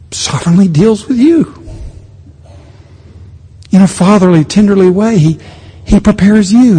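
A middle-aged male pastor preaching a sermon, animated with sudden quiet asides. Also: a little high, breathy edge. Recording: long reverb of a large hall.

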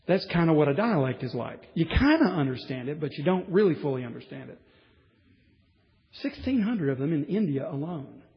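A man with a high voice preaching a sermon in a church sanctuary. He talks conversationally, rising to emphatic points with the odd wry aside. The sound rings with long reverb and is muffled. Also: sing-song, moderate pace, pauses often.

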